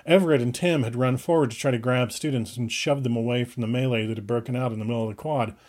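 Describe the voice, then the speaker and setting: Man, audiobook reader, first-person fiction, urgent, brisk, medium pitch. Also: steady tone, a little mellow.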